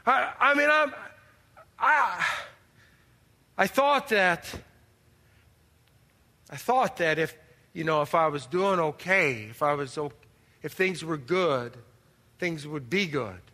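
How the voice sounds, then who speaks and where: A man's voice: fairly high pitch, lively intonation, takes it slowly, long pauses, pushed and bright, full character voice. A man acting as an anxious, overwhelmed churchgoer who pleads with God, exasperated and stammering as he talks. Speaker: actor in skit. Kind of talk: church drama monologue. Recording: reverberant hall.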